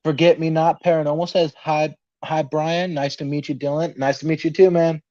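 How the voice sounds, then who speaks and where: Brief: young male podcast host, higher-pitched, nervous, laughs often; dry, dull lo-fi recording. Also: level tone, moderate pace, dark tone, no echo. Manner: nervous, laughing, reading viewer comments aloud. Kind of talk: casual livestream chat.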